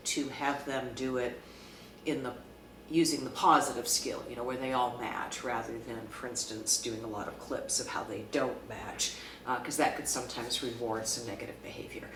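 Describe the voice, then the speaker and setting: A woman working as a clinical social worker, calmly explaining a social skill to camera with frequent fillers. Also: a bass voice, slight background noise. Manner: calm, measured, with frequent fillers. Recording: echoey room, mic at a distance.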